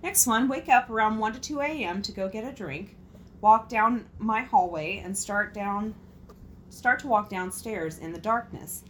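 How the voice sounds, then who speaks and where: Expressive woman reading spooky stories aloud. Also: mid-range voice, a little slow, a little hiss or hum. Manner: expressive, swears freely, laughs at her own jokes. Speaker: host reading out listener stories. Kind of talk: casual reading and chat.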